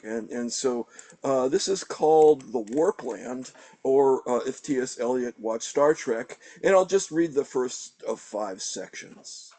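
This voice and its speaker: An older man reading his own poem at an open mic in a measured, deliberate way. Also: mid-range voice, warm tone. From New Hampshire, United States. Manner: measured, deliberate poetry delivery. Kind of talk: poetry reading.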